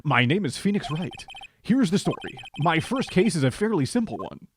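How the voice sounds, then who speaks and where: Man playing earnest young defense lawyer, lively delivery, game dub. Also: fairly high pitch, normal speed, a little hiss or hum. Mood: narrating. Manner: earnest, narrating, hesitant.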